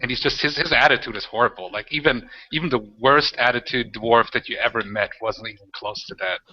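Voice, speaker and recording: A man narrating a tabletop game as game master, halting and repeating words as he goes. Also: medium pitch. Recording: dull lo-fi home recording, faint noise.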